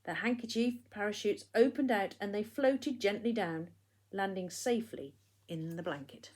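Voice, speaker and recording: A woman, a primary school teacher, reading a picture book aloud to children in an expressive storytelling way, hushing for the quiet moments. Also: medium pitch, normal speed.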